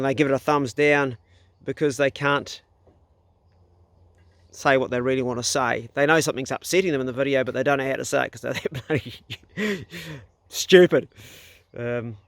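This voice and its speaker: A man's voice: medium pitch, dry recording. A middle-aged man with a New Zealand accent talks bluntly to camera in a casual vlog, swearing freely. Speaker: vlogger.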